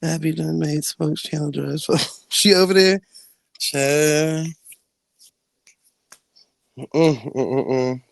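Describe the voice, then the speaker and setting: A man chatting on a live online panel from home, brash and animated, laughing often and swearing freely. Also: a little high, slow pace, creaky, pauses often, no echo. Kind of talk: casual trash-talking chat.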